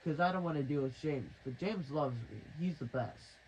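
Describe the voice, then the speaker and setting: A man's voice: fairly high pitch, normal speed, a little mellow, slight background noise, poor audio. A man telling a rambling, crude, mock-dramatic improvised story.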